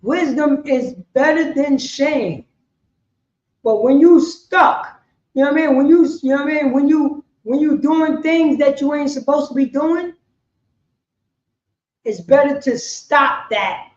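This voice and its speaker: A woman teaching a class preaches emphatically in a high voice, repeating herself and jumping between loud bursts and quiet asides. Her pace is a little slow, and the recording sounds muffled and lo-fi in an echoey room with a little hiss or hum.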